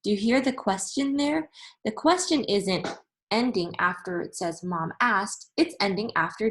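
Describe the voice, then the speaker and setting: A woman's voice: mid-range voice, rough recording. Patient woman teacher explaining grammar. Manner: patient and deliberate, repeats and rereads examples aloud; addresses students directly and warmly as scholars. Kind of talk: recorded remote classroom lesson.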